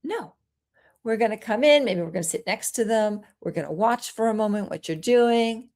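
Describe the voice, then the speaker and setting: A woman parenting coach giving a solo talk, explaining calmly and acting out soothing things a parent might say. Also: on the high side, normal speed. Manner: gentle, explanatory, acts out soothing parent lines.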